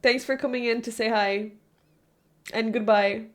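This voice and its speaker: A woman's voice: fairly high pitch, fairly even intonation, measured pace. A young woman streamer chatting casually with her live chat, rambling, correcting herself and laughing often.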